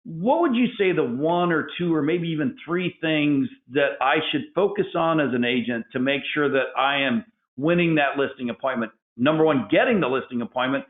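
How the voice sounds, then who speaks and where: A man's voice: fairly high pitch, moderate pace. A man hosting a webinar who asks questions with enthusiasm and often repeats words as he rephrases. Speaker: webinar host. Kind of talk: interview questions. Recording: tinny phone-like echoey audio.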